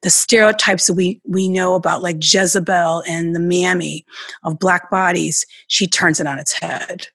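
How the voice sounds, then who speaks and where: A woman's voice: fairly low pitch, steady tone, normal speed, gravelly, a bit bright, no echo. Earnest woman explaining art. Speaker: podcast guest, art podcaster. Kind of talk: conversational interview.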